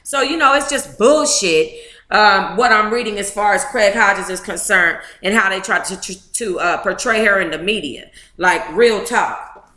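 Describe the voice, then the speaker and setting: A woman's voice: mid-range voice, a little slow, sharp tone, echoey room. A woman reading a memoir aloud to a live book club chat, emotive and blunt, with profane asides.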